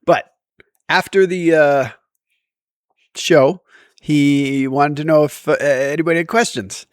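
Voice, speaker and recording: A man telling embarrassing stories to camera in a casual, self-deprecating way, with lively bursts when he quotes himself. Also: fairly high pitch, slow pace, smooth, no echo, clean studio sound. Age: adult. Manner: animated, self-deprecating, with bursts of loud quoting. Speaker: vlogger. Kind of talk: casual storytime monologue. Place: outdoors in daylight.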